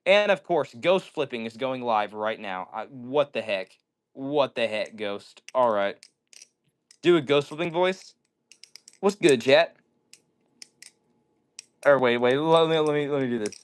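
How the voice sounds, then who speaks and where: A man's voice: medium pitch, expressive, normal speed, smooth. A man hosting a casual livestream, chatting with viewers and rambling and apologizing often. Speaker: livestream host.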